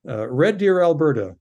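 A man from Canada, a radio producer and podcast guest, telling an animated story and acting out the voices of the people in it. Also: fairly high pitch. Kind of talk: animated anecdote in a podcast interview.

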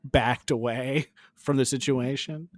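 A man co-hosting a podcast in a relaxed, chatty way. He laughs easily and acts out other people's lines while telling a story. His voice sits at an ordinary pitch and is recorded close and dry. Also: slow pace, dry recording. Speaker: podcast co-host. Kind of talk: casual chat recapping a cooking show.

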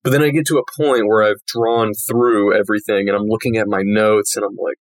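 A man's voice: fairly low pitch, steady tone, a little fast, no echo. A man who draws comics, chatting casually as a podcast guest and laughing easily. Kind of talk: casual chat.

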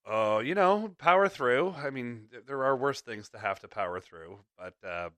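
A man's voice: medium pitch, lively intonation, normal speed, fairly bright tone, no room sound. A man hosting a podcast in rambling casual chat, chuckling between thoughts, with a slight clicky sound to his voice. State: slight clicky voice from ear infection. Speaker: podcast host.

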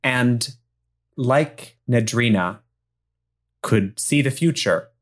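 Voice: mid-range voice, drawn-out words. A game master narrating a tabletop pirate scene with playful improvised storytelling. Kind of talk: tabletop role-play narration.

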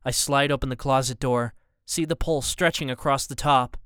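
A man narrating a first-person interactive thriller in a tense, measured reading. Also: medium pitch, steady tone, fairly bright tone, clean tone, no echo, studio quality. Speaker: audiobook narrator.

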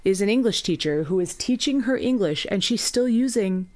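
A woman's voice: medium pitch, expressive, moderate pace, a little mellow. A woman co-hosting a podcast, chatting about a book with wry, sarcastic quips. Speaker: podcast co-host. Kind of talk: casual book-discussion chat.

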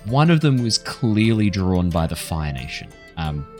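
A man narrating as game master in a tabletop game, relaxed and rambling, with fillers. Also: low voice, unhurried, soft background music.

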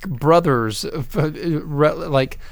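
A man's voice: on the high side, very slow, gravelly, no room sound. A man co-hosting a casual film review show, adding dry, joking asides. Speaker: film review podcast co-host.

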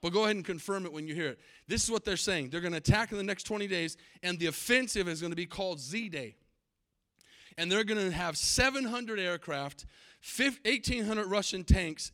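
A man preaching a sermon, emphatic, repeating key words and building to loud climaxes. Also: high voice. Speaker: pastor.

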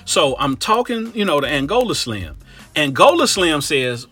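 A man from Cincinnati telling a comic story in slangy, profane talk, full of animated asides. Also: fairly high pitch, normal speed, slightly rough, faint music behind. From Cincinnati, Ohio.

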